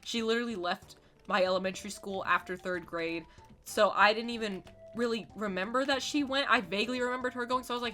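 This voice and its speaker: A woman's voice: medium pitch, fast talker, sharp tone, soft background music. A young woman in her late teens, chatting through a dramatic, exasperated storytime rant while playing a game. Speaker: gaming YouTuber.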